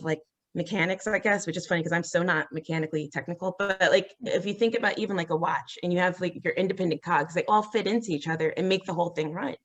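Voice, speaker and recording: A woman as an interview guest, telling a personal story in a halting, earnest way with many fillers and restarts. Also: a bit bright. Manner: acts out quoted voices, rising high.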